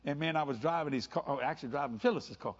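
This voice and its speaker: Older male preacher, playful storyteller, slightly high husky voice. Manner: animated and playful, doing quick voices in anecdotes, laughing. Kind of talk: sermon mixed with storytelling. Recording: dull lo-fi sound.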